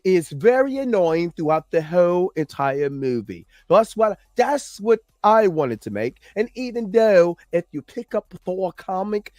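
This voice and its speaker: A man putting on a smug male filmmaker with a broken British accent, in a mocking, drawn-out impression. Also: high voice, darkish tone, no echo, studio quality.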